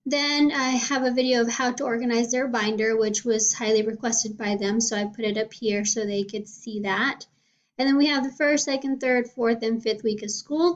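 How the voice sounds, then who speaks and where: Higher-voiced woman teacher, lo-fi sound. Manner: chatty, checks in with "okay?". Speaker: cosmetology teacher. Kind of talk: casual screen walkthrough. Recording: dull lo-fi sound.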